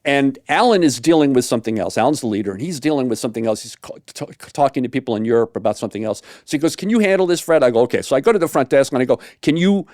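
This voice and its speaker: A man, a saxophone tutor, casually telling a story in an animated way with many fillers, acting out the quotes. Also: medium pitch, rapid-fire, few pauses, no echo, studio quality.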